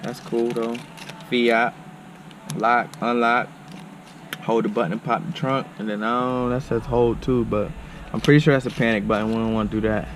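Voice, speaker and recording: A man doing a casual car walkaround for his vlog, excitable and slangy, talking straight to viewers. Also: medium pitch, normal speed, a little hiss or hum. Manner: loose, slangy, excitable, talks to viewers as y'all. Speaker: car vlogger. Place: indoor car dealership showroom. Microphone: handheld camera with small on-camera mic.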